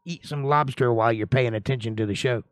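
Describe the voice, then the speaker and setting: Man, mid pitch, dry close sound, livestream Bible teacher, folksy, chatty, reads scripture aloud. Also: fast talker, no echo. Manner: folksy, chatty, greets viewers by name.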